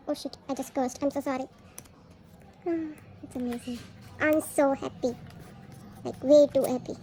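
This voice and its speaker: A woman unboxing albums on a casual vlog, gushing excitedly and gasping at each card she pulls. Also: sits high, fairly quick, a little hiss or hum.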